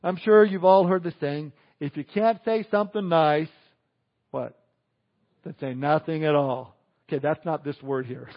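A man's voice: high-pitched, muffled recording. A man preaching a conversational sermon, chuckling and adding asides to the congregation. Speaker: pastor.

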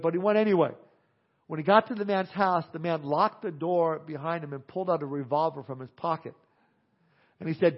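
A male pastor preaching earnestly, slowing on key phrases, then leading a prayer. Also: on the high side. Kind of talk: sermon with altar call and prayer. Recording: dull lo-fi sound.

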